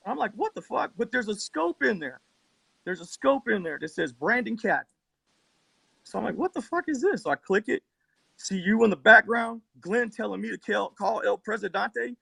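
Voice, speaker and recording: In a heated live-stream argument, a man on his phone rambles through a profane story, repeatedly circling back. At normal speed, his fairly high, rough and slightly breathy voice comes across pushed and bright. The recording is close and dry, with no room sound.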